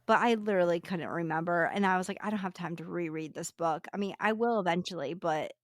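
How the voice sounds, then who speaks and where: A young woman co-hosting a book podcast, chatting casually and acting out characters in quick asides. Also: fairly low pitch, no echo, clean studio sound. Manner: chatty, self-deprecating, acts out characters. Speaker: podcast co-host. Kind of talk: casual book review chat.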